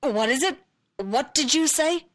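A woman's voice: lively intonation, measured pace, fairly bright tone, no room sound, studio quality. A woman voicing a panicky, scheming male alien viceroy who shrieks and wails. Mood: startled. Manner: shrill, wailing.

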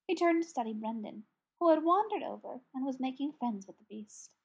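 A woman narrating a fantasy story in an even storytelling manner. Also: high voice, a little fast, breathy edge. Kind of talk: audiobook narration.

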